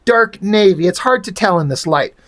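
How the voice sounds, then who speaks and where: A man's voice: high voice, lively intonation, normal speed, fairly bright tone. A man reading the lines of a laid-back, wisecracking male comic-book hero in a breezy, joking way.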